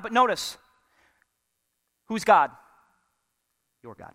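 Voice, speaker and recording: A male pastor delivers a dramatic sermon in a high, bright, forceful voice. He drops from full volume to a near hush and slips in humorous asides. The sound rings with the long reverb of a large church. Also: expressive, slow pace, long pauses. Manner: dramatic preaching, swings from loud to hushed, with humorous asides.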